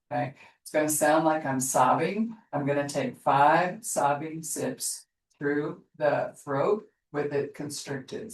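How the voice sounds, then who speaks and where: A woman yoga teacher giving slow, soothing guided instructions in an online class from her studio. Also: sits low, slight background noise. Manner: slow, soothing guidance with soft pauses. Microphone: distant laptop mic on an online class. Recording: roomy, distant sound from far off.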